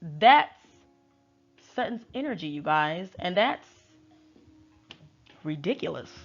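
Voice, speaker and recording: Chatty low-voiced woman tarot reader. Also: sing-song, takes it slowly, faint music behind. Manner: chatty, slangy and wry. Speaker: tarot reader and show recapper. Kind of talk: casual chat. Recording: dull lo-fi recording.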